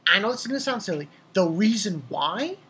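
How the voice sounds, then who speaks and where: A young man casually reviewing a comic chapter, rambling and excitable, swearing freely and laughing at his own jokes. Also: sits high, fairly quick, breathy edge. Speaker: manga reviewer.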